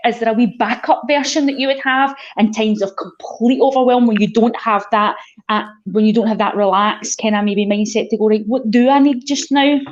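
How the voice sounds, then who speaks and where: A woman's voice: on the high side, brisk, highs cut off. A Scottish woman who coaches people on mental health, talking reflectively in a casual podcast chat.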